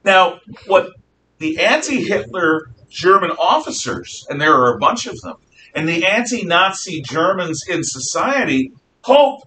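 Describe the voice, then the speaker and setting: A man teaching a history class, lecturing in a lively way and acting out quotes, recorded from far off in a classroom with some hiss. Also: sits high, unhurried. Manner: animated, acts out quotes.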